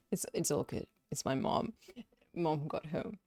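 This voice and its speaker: A woman streaming from her desk at home, telling a story in an animated way with frequent laughs and restarts. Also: deep voice, slow, husky. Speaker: live streamer. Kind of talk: casual storytelling to a live stream chat.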